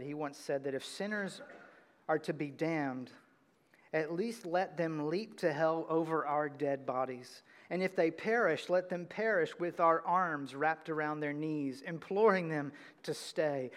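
A man preaching a sermon as pastor, earnest and building to loud emphatic peaks, speaking to a congregation. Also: fairly high pitch, long reverb tail. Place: church sanctuary.

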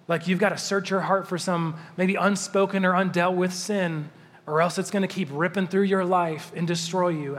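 High-voiced man preaching in a reverberant hall. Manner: conversational, animated, slows down to read scripture. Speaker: pastor. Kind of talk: sermon. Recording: long reverb of a large hall.

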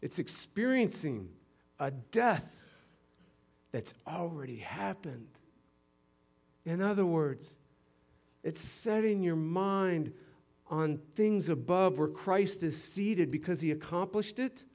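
This pastor's sermon is expressive and slow, with long pauses. His voice moves from forceful, loud outbursts down to quiet murmurs, and he slips in playful, teacherly remarks.

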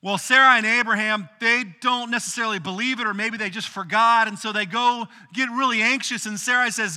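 A man preaching a casual, animated sermon, retelling a Bible story in everyday words. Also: extremely high pitch, fairly quick, hardly any pauses, big-room sound. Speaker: pastor.

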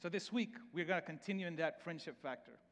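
A man's voice: fairly high pitch, fast talker, big-room sound. A man with a Salvadoran Spanish accent, a native Spanish speaker preaching a sermon in a conversational way, often repeating words and starting over. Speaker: pastor.

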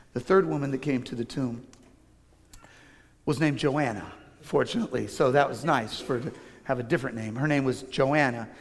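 Animated man preaching in a reverberant hall. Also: medium pitch. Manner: animated, self-deprecating humor. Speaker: pastor. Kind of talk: sermon with personal anecdotes. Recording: long reverb of a large hall.

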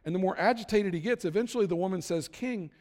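A man's voice: sits high, very fast, a little mellow. A man telling a sermon story in a casual, conversational way, now and then acting out what the characters say. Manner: casual retelling with acted-out quotes. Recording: long hall reverb.

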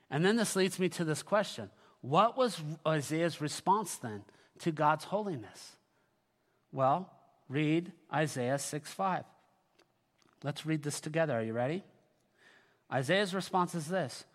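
A man's voice: medium pitch, animated, a little slow, pauses often. Preaching man in an echoing hall. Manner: swings from loud preaching to quiet, intimate talk. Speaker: pastor. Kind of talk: sermon. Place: church sanctuary.

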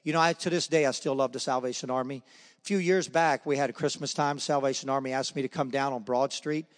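Here a middle-aged guest speaker tells stories at a men's breakfast, giving his personal testimony and slipping into different voices. His voice is mid-range with fairly even intonation, and he speaks fast. Sound reverberates around the hall.

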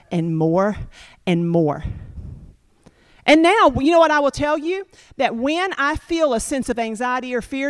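A woman preaching a sermon, talking straight to her congregation with lively repetition. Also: a little high, no room sound, studio quality. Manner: animated, repetitive, addresses congregation directly.

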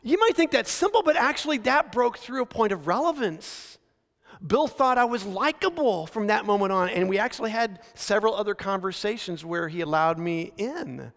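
A male pastor preaching a sermon in a relaxed, storytelling way, slowing down to stress key phrases. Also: high voice. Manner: conversational storytelling preaching with frequent slowdowns for emphasis. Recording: long reverb of a large hall.

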